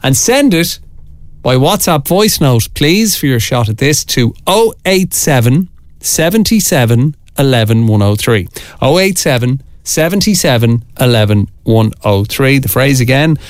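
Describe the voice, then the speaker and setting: Lively radio DJ, man. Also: mid-range voice, moderate pace, no echo, clean studio sound. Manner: energetic, sing-song announcing. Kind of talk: upbeat radio presenting. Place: radio studio. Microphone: studio mic.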